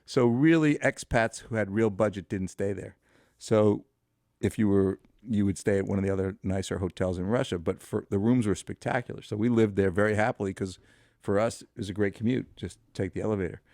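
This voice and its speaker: A man in his fifties with a low, deep voice tells a long story as a podcast guest. He rambles through it with many fillers and restarts. The sound is dry and close, with no room echo. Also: a little fast, darkish tone.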